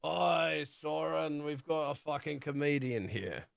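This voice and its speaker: A weathered, no-nonsense old sailor who barks short demands and sneers at his passengers, voiced by a man. His voice is gravelly but clean, with a drawn-out, unhurried delivery. It's a tabletop role-play game captain. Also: a little high, dry recording, pitched above the performer's own voice. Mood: scornful. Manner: curt and rude.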